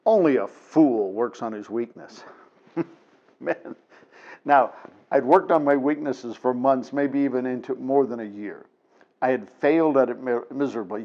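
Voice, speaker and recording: A man's voice: medium pitch, a little mellow, muffled recording. A middle-aged man hosting a TV program, telling a motivational story in a folksy, emphatic way with bursts of laughter. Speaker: TV program host.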